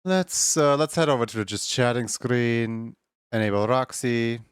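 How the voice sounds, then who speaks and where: A man's voice: mid-range voice, moderate pace, clear, resonant tone, no room sound, studio quality. Stammering man chatting on a live stream. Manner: stumbling, repeats words, laughs often. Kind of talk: casual live-stream chat.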